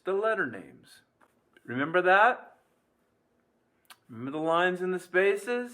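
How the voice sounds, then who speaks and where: Male music teacher, unhurried and bright, goofy classroom energy, chants counts. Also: high-pitched, animated. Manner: playful, quizzing questions, chanting rhythm syllables. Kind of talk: classroom video lesson.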